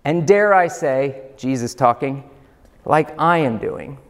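A man's voice: medium pitch, animated, takes it slowly. A man, a pastor preaching a sermon in a church hall, emphatic and full of rhetorical questions. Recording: long hall reverb.

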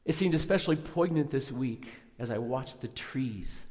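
Pastor guy preaching, earnest and prayerful, mid pitch, long church reverb. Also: lively intonation, normal speed. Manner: earnest, prayerful, rises in emphasis then softens. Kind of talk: Easter sermon.

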